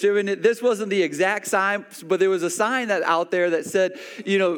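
A man's voice: high voice, normal speed, few pauses, clear, resonant tone, big-room sound. A man preaching a sermon, telling a personal story with many restarts and acted-out quotes. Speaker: pastor.

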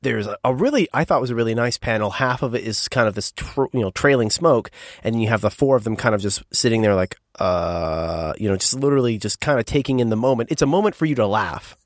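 A man's voice: medium pitch, expressive, fast, no room sound, clean studio sound. A man guesting on a podcast, chatting casually and laughing as he retells scenes. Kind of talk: casual chat.

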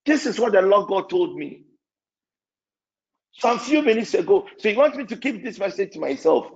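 Guy preaching, high voice, gravelly, emotional and repeating himself, muffled lo-fi audio. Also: very animated, normal speed. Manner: emotional, repetitive preaching with sudden shouts. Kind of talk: sermon.

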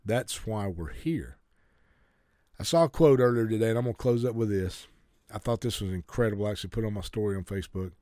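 A man's voice: on the low side, quick pace, mellow, no echo, clean studio sound. A man preaching a sermon to a congregation, urging them earnestly and often stumbling and restarting his sentences. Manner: earnest exhortation with stammered restarts.

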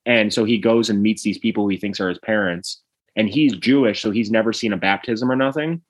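A man co-hosting a podcast, chatting casually and retelling TV scenes with squeaky put-on voices. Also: brisk. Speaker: podcast co-host. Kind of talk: casual chat.

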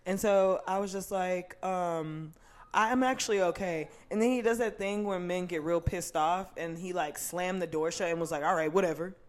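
Young woman telling stories, animated. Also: fairly low pitch, moderate pace, hardly any pauses. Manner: animated, quotes people while telling stories. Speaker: podcast co-host. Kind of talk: casual chat, storytelling.

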